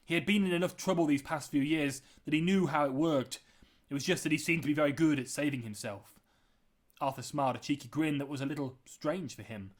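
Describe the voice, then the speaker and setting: Brief: male author narrating a novel, slightly high voice, measured and dramatic. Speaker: author reading his own novel. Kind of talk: audiobook-style novel reading. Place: at home.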